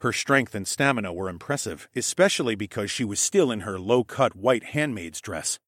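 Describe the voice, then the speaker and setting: Wry, animated male audiobook narrator. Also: lowish voice, normal speed, no room sound, studio quality. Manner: wry, expressive, with shouted dialogue. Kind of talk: first-person audiobook narration.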